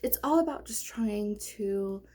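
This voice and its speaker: A woman's voice: mid-range voice, lively intonation, measured pace, dark tone. A young woman chatting casually about books she loves, rambling with lots of fillers and restarts. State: out of breath. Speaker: book vlogger. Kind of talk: casual book review chat.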